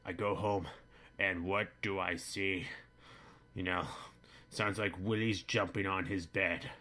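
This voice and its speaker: A man's voice: low voice, steady tone, slow, full character voice. A man playing a boorish, bigoted middle-aged dad who rambles crudely through a comedic monologue. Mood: blustering. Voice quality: bright-toned, rambling, crude. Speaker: comedy vlogger in character.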